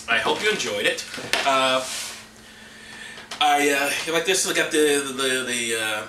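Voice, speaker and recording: A man's voice: sharp tone, slight background noise. A man reading a bible story aloud in a comedy video, mocking it with sarcastic asides. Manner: mocking, jumps into silly high voices for characters. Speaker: comedy vlogger. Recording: echoey room, mic at a distance.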